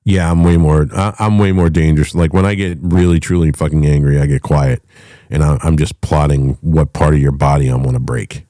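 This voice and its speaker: A middle-aged man hosting a talk show, ranting with loud, profane, emphatic delivery and a voice that swings up and down. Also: very deep voice, steady tone, a little fast, no room sound, clean studio sound. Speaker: podcast host.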